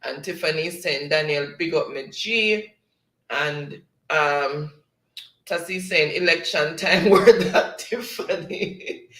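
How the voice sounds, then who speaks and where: A man's voice: on the high side, takes it slowly, fairly bright tone, reverberant. Giggly Jamaican man reading chat. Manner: giggly, reads viewer comments aloud. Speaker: live show co-host reading chat. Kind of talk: casual live-stream chat.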